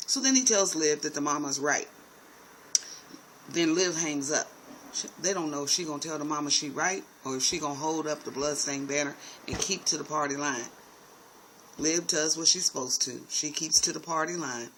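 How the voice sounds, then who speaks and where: A sassy man with a high, bright voice recaps a TV episode in a chatty, gossipy way. He keeps calling his viewers honey and baby, and a faint hiss sits under the talk. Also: moderate pace, rough recording. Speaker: TV recap host. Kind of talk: casual TV recap commentary.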